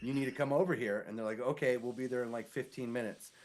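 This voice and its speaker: An animated man spins a story in relaxed podcast chat. He keeps slipping into quick impressions of the people he quotes, and his voice sits in a middle pitch. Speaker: podcast co-host; sewer inspector.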